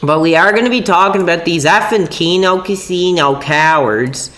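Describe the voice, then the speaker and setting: Bright-voiced young man ranting on stream. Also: a little high, normal speed. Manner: casual, agitated, peppered with "dude" and minced swears. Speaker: livestreamer. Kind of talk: rambling live-stream chat. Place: at home, upstairs room.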